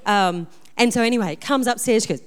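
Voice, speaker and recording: A woman pastor preaching a sermon, telling personal stories in a lively, self-deprecating way. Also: fairly high pitch, brisk. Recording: long reverb of a large hall.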